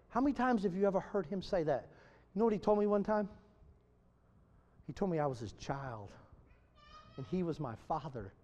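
A high-voiced man preaching a sermon in a hall with a long echo trailing after each phrase. He is high-strung and swings between loud, emphatic bursts and soft, almost whispered lines.

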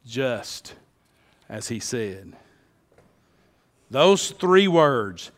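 A man preaching a sermon as a pastor, dropping to hushed lines and then rising to emphatic calls to the congregation. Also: a little high, expressive, slow, long pauses. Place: church sanctuary. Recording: long hall reverb.

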